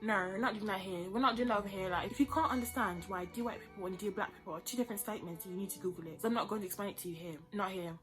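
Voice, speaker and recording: A woman's voice: medium pitch, racing, hardly any pauses, faint music behind. A twenty-year-old woman from the United States giving casual, emphatic show recommendations on her vlog, full of slang and repeated phrases. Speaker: YouTuber.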